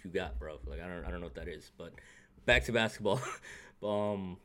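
A man co-hosting a casual sports podcast, animated and profane, breaking into laughter often. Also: low-pitched, a little fast. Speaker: podcast co-host.

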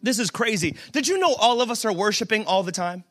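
A man pastor giving a humorous, conversational sermon at a church service, joking with the room and building to emphatic shouts. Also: high voice, animated, a little fast.

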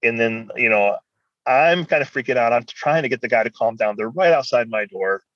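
Male guest, animated rambling storyteller, dry and muffled sound. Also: mid-range voice, a little fast, dry recording. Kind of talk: personal storytelling in conversation.

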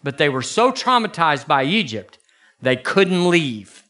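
Man, pastor; folksy animated sermon delivery; bright, slightly high voice. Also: unhurried. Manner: folksy, animated preaching with sudden high bursts.

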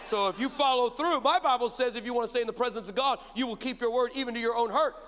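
A man preaching a sermon, telling a story and acting out the dialogue with animated energy. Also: very high voice, quick pace. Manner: animated, acts out dialogue, builds to shouted preaching. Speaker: pastor. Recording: long hall reverb.

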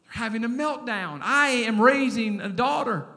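A middle-aged man preaches with a very high, bright, cutting voice. He delivers an animated sermon and draws the congregation into call-and-response. His voice carries a long reverb from a large church hall. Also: moderate pace. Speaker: pastor.

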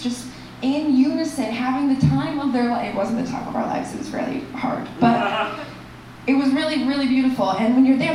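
Lady comic on stage, high voice, loud bursty punchlines, echoey club mic from far off. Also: a little hiss or hum. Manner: animated, shouts punchlines in high-pitched bursts. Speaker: stand-up comic and festival host. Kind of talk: stand-up comedy set. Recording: echoey room picked up from afar.

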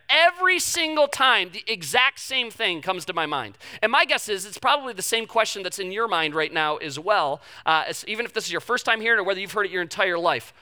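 Emphatic, bright-voiced preacher in his thirties. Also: sits high. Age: 30s. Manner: emphatic, conversational, repeats phrases. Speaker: pastor. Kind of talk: sermon.

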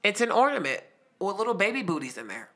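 A woman's voice: medium pitch, fast. A woman in her twenties telling a story in a casual chat, acting out the quoted lines as she goes. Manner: animated, acts out quoted lines, laughs while telling.

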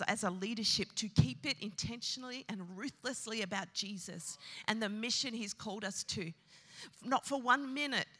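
A woman's voice: a little high, sharp tone. A woman pastor preaching a sermon with emphasis, repeating her key phrases. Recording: long hall reverb.

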